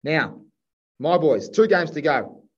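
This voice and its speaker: Australian man, podcast co-host, slightly high voice, dull lo-fi sound, chatty and enthusiastic. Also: big pitch swings, takes it slowly, slightly rough. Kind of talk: casual sports chat.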